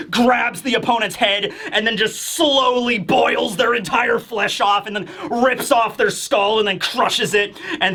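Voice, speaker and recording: A man's voice: sits high, pushed and bright. A man hosting a casual comic review, talking in a rambling, enthusiastic way with lots of fillers. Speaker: manga review host. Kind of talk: casual commentary.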